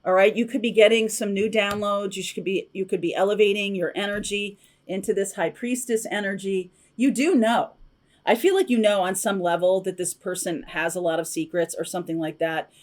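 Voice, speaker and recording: A woman's voice: medium pitch, fairly even intonation, brisk. Chatty woman giving a tarot reading. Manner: chatty, intuitive, frequent fillers and asides. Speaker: tarot reader. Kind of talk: casual spoken tarot reading.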